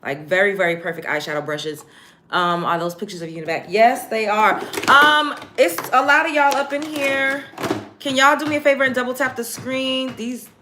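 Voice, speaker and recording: A chatty woman with a bright, clear voice hosts a casual live stream. She talks straight to her viewers in a lively, animated way. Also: a little high, normal speed, a little hiss or hum. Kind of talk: casual get-ready-with-me live chat.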